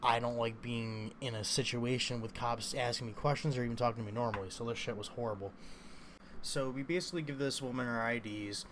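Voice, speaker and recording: A man's voice: medium pitch, fairly even intonation, fairly quick, noisy background. Rambling, profane young man telling a story. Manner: rambling, profane, lots of fillers. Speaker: vlogger. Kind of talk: casual storytelling.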